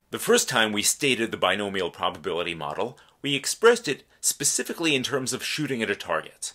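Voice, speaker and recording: A man delivers a recorded math lecture in a lowish voice. His tone is bright and forceful. He explains each step with care and presses hard on the ideas that matter. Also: big pitch swings, fairly quick, few pauses. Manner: careful, explanatory, stresses key points.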